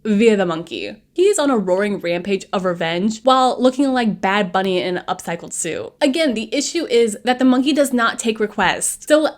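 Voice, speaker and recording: A woman's voice: mid-range voice, expressive, moderate pace, few pauses. Sarcastic woman recapping a horror movie. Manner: sarcastic, playful asides to viewers. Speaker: movie reviewer.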